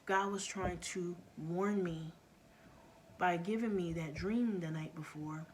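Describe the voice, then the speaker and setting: A woman's voice: lowish voice, slow, darkish tone, a little hiss or hum. A middle-aged woman vlogger telling a story in a casual, earnest way, often dropping to a near-whisper.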